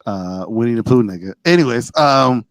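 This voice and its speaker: Animated man. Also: mid-range voice, moderate pace, dry recording. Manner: animated, rises to shouting when teased. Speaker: podcast co-host; teacher. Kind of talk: casual banter.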